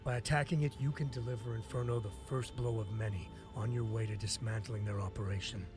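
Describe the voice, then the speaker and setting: An actor playing a calm male intelligence commander giving a formal briefing in a game. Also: on the low side, lightly acted. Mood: serious. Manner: measured, formal briefing delivery. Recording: game audio with faint music.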